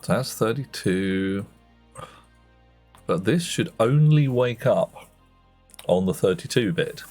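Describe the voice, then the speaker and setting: A man's voice: on the low side, animated, slow pace, darkish tone, soft background music. A man giving chatty, self-mocking commentary while playing a game on a live stream, muttering asides to himself.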